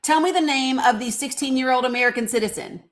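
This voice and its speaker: Woman host, middle-aged, blunt and profane, slightly high voice, chatty sarcastic commentary. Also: quick pace. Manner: blunt, profane and sarcastic, greeting chat viewers. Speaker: live-stream host. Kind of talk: casual political commentary stream.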